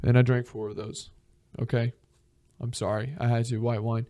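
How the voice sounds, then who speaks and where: A man's voice: mid-range voice, level tone, moderate pace, warm tone, no room sound. A man as a podcast guest, telling rambling, profane stories in casual chat. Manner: profane, rambling, acts out voices in his stories. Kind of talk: casual storytelling.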